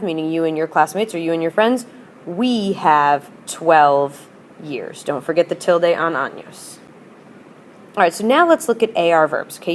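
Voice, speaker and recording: A woman's voice: lowish voice, slight background noise. A woman teaching a language class, drilling with patient repetition and switching between English and Spanish. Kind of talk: classroom lesson.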